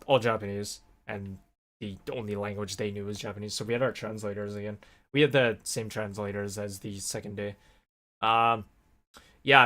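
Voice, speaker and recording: A man's voice: fairly low pitch, a bit bright. A man vlogging in a casual, rambling way, with many fillers and restarts as he tells a story. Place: Japan.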